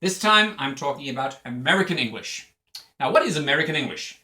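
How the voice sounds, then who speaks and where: Irish man with a bright echoey voice. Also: mid-range voice, sing-song, a little fast. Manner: chatty, explaining, imitates accents. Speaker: English teacher. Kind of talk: casual spoken lesson. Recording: echoey room.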